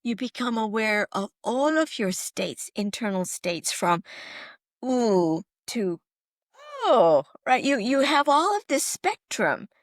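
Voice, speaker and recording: A middle-aged woman physician telling stories in a podcast interview, animated and emphatic, often checking in with her listener. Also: on the high side, measured pace, few pauses, no echo, clean studio sound. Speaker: physician guest.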